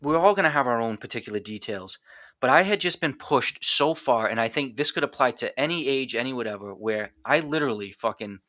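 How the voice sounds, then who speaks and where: A man with a bright, tense voice speaks in a raw, blunt way and swears often. He restarts his sentences as he tells a personal story. The sound is dry and close to the mic, with no room echo. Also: mid-range voice, lively intonation, a little fast. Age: adult. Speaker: podcast guest.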